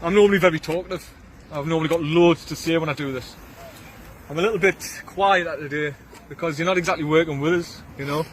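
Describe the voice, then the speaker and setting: A man's voice: fairly high pitch, fast, slight background noise. A man with a Geordie accent questioning a suspect outdoors on a street, blunt and mocking, firing off questions. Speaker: leader of a sting team confronting a suspect.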